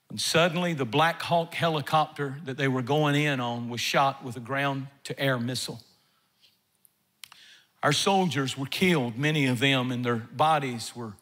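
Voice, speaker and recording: A man preaching a sermon in church as pastor, emphatic and repetitive, with bursts of shouting. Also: medium pitch. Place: church sanctuary.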